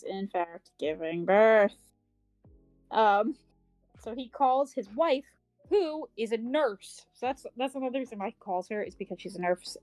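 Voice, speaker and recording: A woman's voice: a little high, mellow, dry recording, low-quality recording. A woman co-hosting a podcast, recapping a novel in casual, rambling talk full of fillers and the odd swear word. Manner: acts out characters' lines in quick paraphrase. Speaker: podcast co-host. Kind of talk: casual book club chat.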